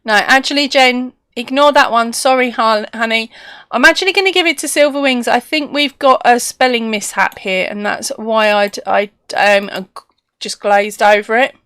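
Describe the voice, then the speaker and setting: A woman's voice: fairly high pitch, steady tone, normal speed, a bit bright, clean tone, no echo, studio quality. A woman hosting a casual live stream, chatty and laughing often as she reads out viewer comments.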